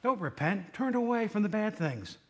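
A man's voice: high voice, big pitch swings, moderate pace, fairly bright tone. A man giving a casual, joking sermon to a congregation, often asking them questions. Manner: chatty, joking, asks the room questions. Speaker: lay preacher.

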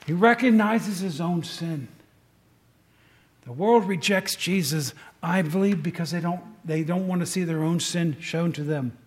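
With rain drumming on a tin roof overhead, a male preacher delivers a conversational sermon, posing questions to the congregation and frequently starting sentences over. He speaks unhurriedly in a slightly high voice.

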